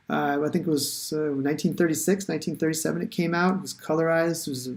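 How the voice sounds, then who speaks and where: A man's voice: a little high, steady tone, fairly quick, creaky. A man teaching English in a live online lesson, chatty and encouraging, thinking aloud with many fillers.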